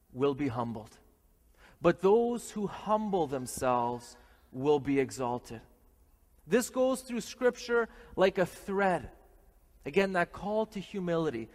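A man from Canada giving a morning homily as a priest, lively and joking, with many restarts. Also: high voice. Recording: long hall reverb.

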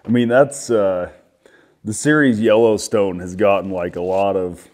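A man's voice: lowish voice, steady tone, a little slow, darkish tone. A man hosting a casual interview, an easygoing and enthusiastic listener. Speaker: podcast host.

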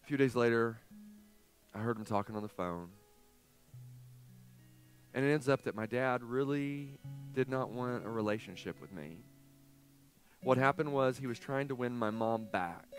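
A pastor in his forties preaching a sermon, telling a personal story with animated swings from hushed to loud. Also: mid-range voice. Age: 40s. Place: church sanctuary.

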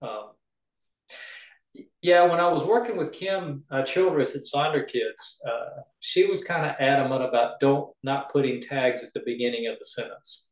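A man's voice: medium pitch, moderate pace, echoey room, low-quality recording. A man coaching writers in a casual chat, explaining with homey examples. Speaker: writing coach.

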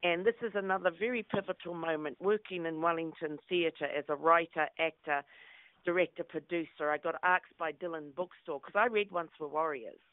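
Middle-aged New actress, storyteller guest, dry tinny phone-quality audio. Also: female voice, low-pitched, normal speed, no echo. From New Zealand. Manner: lively anecdotal, acts out quotes. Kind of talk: interview storytelling.

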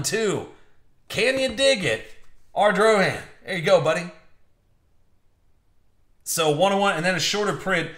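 This streaming-mic host has a high, fairly bright voice and a roomy sound. He's breaking a box of trading cards live, opening packs while chatting upbeat and joking with his viewers.

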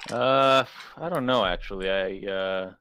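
A man's voice: lowish voice, unhurried, sharp tone. A man co-hosting a game stream in casual chat, easygoing and hesitant, laughing often.

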